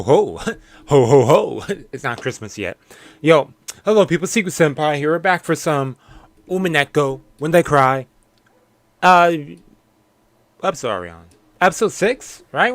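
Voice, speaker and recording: A man's voice: on the high side, a bit bright, dry recording. A man streaming live in casual chat, playful, laughing often and tripping over his own words.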